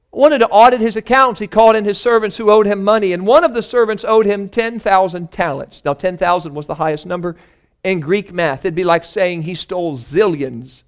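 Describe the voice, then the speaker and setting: A man's voice: high-pitched, smooth. A male pastor preaching a sermon in church, telling a parable and building to emphatic points. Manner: storytelling, building to emphatic passages.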